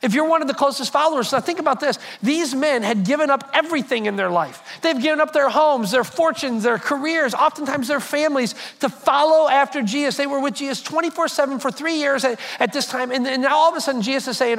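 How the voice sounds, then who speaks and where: A male pastor preaching a sermon to a congregation, animated and conversational, with frequent repetitions. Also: very high-pitched, fairly quick, few pauses. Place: church hall before a congregation.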